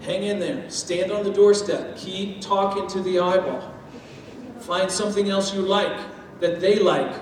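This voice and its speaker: A man with a high voice talks with his audience about step parenting, going a little slowly but staying lively, with homely food analogies and quotes he acts out. The recording is distant and echoey, picking up faint hall ambience and a slight hiss or hum.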